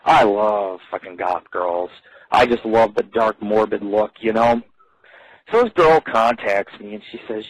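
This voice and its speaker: A man's voice: lowish voice, unhurried, no echo, low-quality recording. A man hosting a live radio show, telling crude, rambling stories full of swearing. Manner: profane, swears constantly, rambling.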